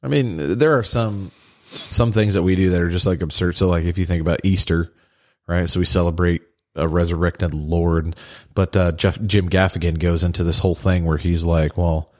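A man's voice: low voice, steady tone, moderate pace, darkish tone. A man co-hosting a podcast, chatting casually and rambling through joking comments. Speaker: podcast co-host. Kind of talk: casual chat.

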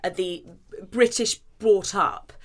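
A woman's voice: medium pitch, takes it slowly. A woman co-hosting a podcast, chatting casually and reading excerpts aloud with enthusiasm. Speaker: podcast co-host. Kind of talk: casual chat.

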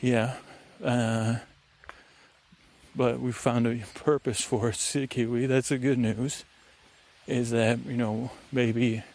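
On a woodland walk outdoors, a tired, dehydrated podcast host muses slowly in a flat, medium-pitched, slightly mellow voice. His rambling sleep-podcast monologue meanders and is full of fillers.

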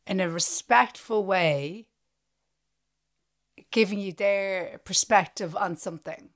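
An Irish woman co-hosting a podcast in easy, casual conversation. Her voice is mid-pitched for a woman, and she talks in a lively way, slipping into little scenes to make her point. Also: smooth. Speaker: podcast co-host. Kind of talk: casual chat.

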